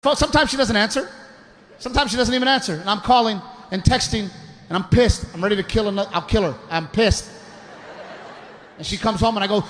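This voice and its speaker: A man doing a stand-up routine, ranting loudly in an exasperated way. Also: high voice, a little fast, slight background noise. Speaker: stand-up comedian. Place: comedy club stage.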